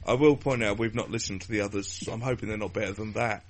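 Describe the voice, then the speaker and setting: A man's voice: fairly low pitch, steady tone, fast, slight background noise. A man, co-hosting a casual podcast chat with wry, bawdy asides. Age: 30s.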